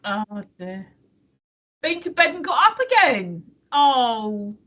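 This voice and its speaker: A woman co-hosting a live stream, with a high voice that swoops lively up and down. Her tone is bright and sharp. She chats casually, teasing and swearing freely. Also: takes it slowly, muffled recording. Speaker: stream co-host.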